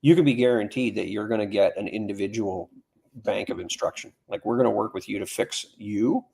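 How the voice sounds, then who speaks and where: A man's voice: on the low side, brisk, gravelly, mellow, slightly rough. A middle-aged man, a firearms instructor chatting as a podcast guest in a plain-spoken, anecdotal way. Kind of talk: casual podcast conversation.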